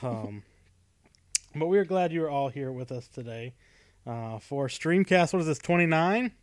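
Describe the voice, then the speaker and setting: A man's voice: on the high side, animated, a little slow, no echo. A man hosting a casual livestream chat, talkative and laughing often, with plenty of ums. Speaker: podcast host. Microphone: webcam stream setup.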